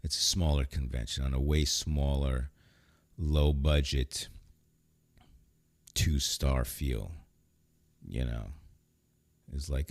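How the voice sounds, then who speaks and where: A man's voice: a bass voice, fairly even intonation, a little slow, pauses often, a little mellow, dry recording. A man hosting a podcast, talking in a casual, rambling, joking way. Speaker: podcast host. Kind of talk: casual solo podcast talk.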